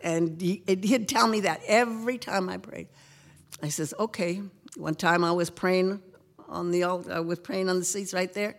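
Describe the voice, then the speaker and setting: A woman's voice: fairly low pitch, fairly even intonation, normal speed. Earnest older woman giving testimony. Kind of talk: emotional church testimony.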